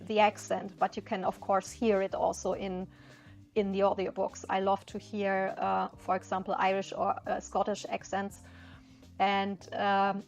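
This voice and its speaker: A woman with a German accent, a native German speaker, chatting casually and a little hesitantly as she colors, searching for words, with faint music behind her. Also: mid-range voice. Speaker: coloring channel host. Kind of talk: casual chat while coloring.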